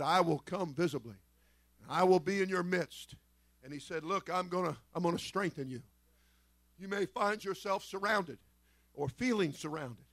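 A man's voice: high voice, gravelly, no echo. A man pastor preaching a fervent sermon, repeating phrases and calling out amens.

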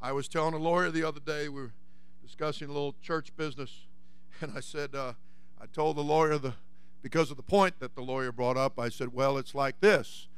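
A man pastor delivering a sermon, fiery preaching that swings from folksy storytelling to shouting. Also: on the high side, fairly even intonation, brisk, clear, resonant tone, dry recording.

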